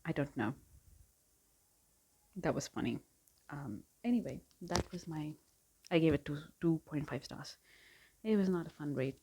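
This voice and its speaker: A woman's voice: deep voice, a little slow, long pauses, warm tone, slightly rough. A woman casually ranting in a book review vlog, exasperated, with laughing asides and whispered remarks. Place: home filming setup.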